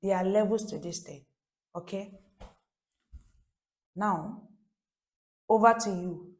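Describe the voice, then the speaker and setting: A woman's voice: medium pitch, takes it slowly, pauses often. A woman teaching a French lesson for beginners, repeating phrases and asking her viewers rhetorical questions.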